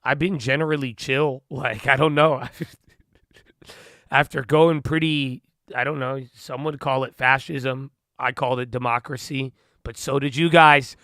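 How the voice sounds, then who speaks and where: Smooth-voiced man chatting casually with his stream. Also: mid-range voice, steady tone, unhurried, a bit bright, dry recording, clean studio sound. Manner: rambling, loose, talks to chat with "bro" and "man". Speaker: stock trading streamer. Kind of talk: casual livestream chat.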